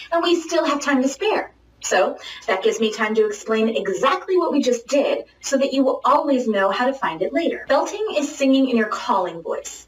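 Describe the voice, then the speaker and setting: A woman teaching singing in an online lesson, joking and direct, demonstrating calls and shouts. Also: fairly high pitch, echoey room, recorded from a distance, low-quality recording. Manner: playful, jokey and direct, with sung and shouted demonstrations.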